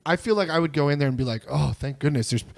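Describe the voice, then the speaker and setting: A man's voice: on the high side, expressive, rapid-fire. A man hosting a podcast interview, eagerly affirming his guest and asking long rambling questions. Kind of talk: casual interview chat.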